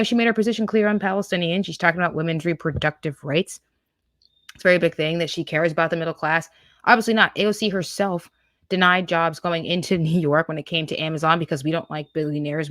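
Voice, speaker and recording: A woman's voice: sits low, no room sound, studio quality. A woman hosting a political reaction show, scornful and sarcastic as she talks over clips. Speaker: political commentary host.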